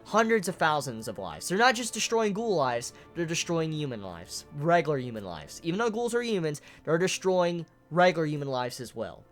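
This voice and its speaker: A manga reviewer giving a casual, emotional spoken chapter analysis, excitable and swearing often. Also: medium pitch, moderate pace, hardly any pauses, faint music behind.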